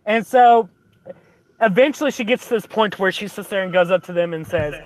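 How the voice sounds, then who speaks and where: A man's voice: high-pitched, a little fast. A man telling a movie plot in casual chat, rambling through fillers and restarts.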